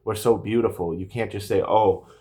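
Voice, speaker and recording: A man's voice: low-pitched, level tone, moderate pace. A man in his thirties telling a personal story to camera in a rambling, earnest way, full of fillers and restarts, a little emotional. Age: 30s. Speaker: vlogger.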